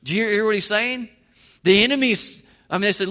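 In a big, reverberant hall, a male pastor preaches a sermon, speaking fairly quickly in a high, bright, forceful voice. His style is conversational and emphatic, with frequent questions put to those listening.

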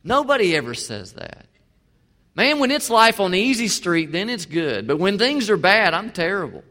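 A male pastor preaching a sermon, swinging from emphatic to quiet. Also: high-pitched, big pitch swings, moderate pace. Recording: long hall reverb.

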